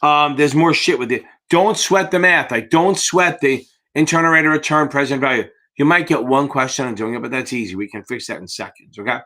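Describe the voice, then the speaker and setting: Brisk and barely pausing, this man's mid-range voice carries a sharp tone. He runs a casual live Q&A stream tutoring securities-exam students, blunt, profane, tired and yawning, calling viewers baby.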